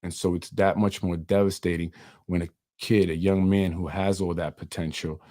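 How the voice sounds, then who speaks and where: Earnest low-voiced man, rambling solo podcast. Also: little pitch movement, normal speed, dark tone, no echo, clean studio sound. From Yonkers, New York. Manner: earnest, rambling, heavy on fillers. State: emotional, voice softening. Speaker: podcast host and community organizer.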